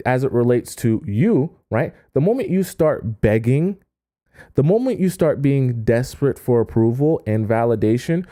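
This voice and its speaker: A man coaching his viewers on dating in a relaxed, conversational way, stressing his points and checking in with "okay?" as he goes. His voice has a warm, mellow tone. The recording is dry and close. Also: mid-range voice, no room sound. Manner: emphatic, keeps checking in with "okay?" and "right?". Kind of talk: casual advice talk to an online audience.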